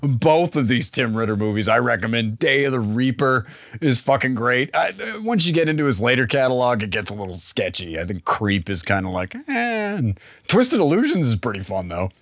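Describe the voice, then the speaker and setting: A man's voice: medium pitch, expressive, moderate pace, a bit bright, dry recording, studio quality. A man hosting a podcast, talking in a casual, profane and enthusiastic way. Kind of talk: casual chat.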